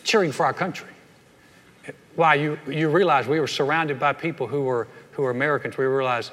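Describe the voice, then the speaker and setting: Preacher man, a bit high voice, folksy and lively, big echoey church hall. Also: fairly quick. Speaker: pastor. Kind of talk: humorous sermon. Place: large church sanctuary. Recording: echoey hall with long reverb.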